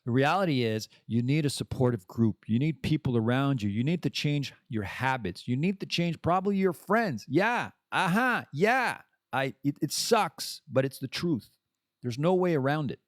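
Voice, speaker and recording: A man talking candidly on his podcast, with a lively voice that rises and falls a lot. He rambles from point to point, and the sound is close and dry, with no room echo. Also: mid-range voice, moderate pace. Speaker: podcast host. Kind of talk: casual monologue.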